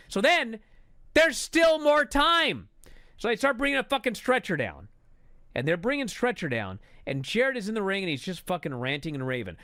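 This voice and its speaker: A man angrily recapping a wrestling show in a profane, exasperated rant that builds to shouting. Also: very high voice, very animated, moderate pace, no room sound, studio quality.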